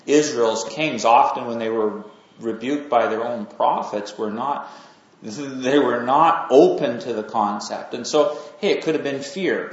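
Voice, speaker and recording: A man preaching an informal Bible sermon in a conversational, halting way, with many fillers and restarts. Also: medium pitch. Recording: echoey room, dull lo-fi sound.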